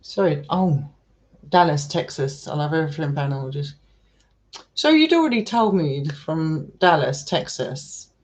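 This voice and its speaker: A man's voice: on the high side, expressive, a little slow. A man chatting casually with his live stream viewers, affectionate and talkative, calling people darling and sweetheart. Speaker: live streamer and paranormal explorer.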